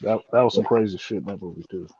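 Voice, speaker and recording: A man in a casual chat, relaxed, chiming in and laughing along. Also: lowish voice, fast talker, slightly rough, no room sound. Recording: dry, dull lo-fi sound.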